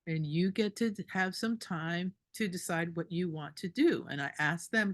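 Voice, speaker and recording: A woman doula telling a story at a group meeting, animated and indignant, laughing between lines. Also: lowish voice, normal speed, few pauses.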